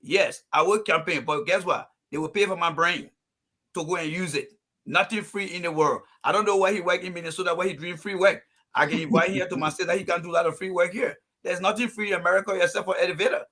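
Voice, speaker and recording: A man's voice: high-pitched, fairly even intonation, quick pace, pushed and bright. A man from Liberia speaking on a call-in panel show, making his points emphatically and laying them out in numbered phases. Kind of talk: heated call-in panel talk.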